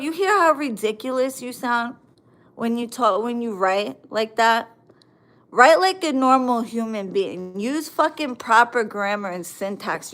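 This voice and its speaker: A woman's voice: a little high, a bit bright. A woman in her forties, a livestream host, angrily ranting at commenters in a profane, confrontational and mocking way. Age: 40s.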